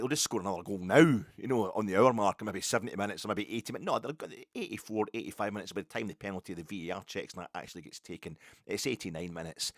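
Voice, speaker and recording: Scottish male podcast host, middle-aged, quick lively rant with swearing, dry close sound. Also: fairly low pitch, dry recording. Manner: animated, rambling, swearing. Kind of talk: solo fan podcast rant.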